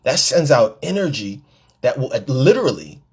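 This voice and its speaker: Husky-voiced man preaching on a podcast. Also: mid-range voice, big pitch swings, normal speed. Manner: preachy storytelling, acts out quoted women, repeats words. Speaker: podcast host and life coach. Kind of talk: live-taped podcast monologue.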